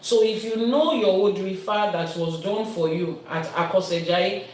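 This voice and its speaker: A woman's voice: medium pitch, normal speed, darkish tone. A Nigerian woman, an Ifa priestess, patiently explains and answers viewer questions in a live-streamed teaching, building her points through everyday analogies. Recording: very echoey room, voice from a distance.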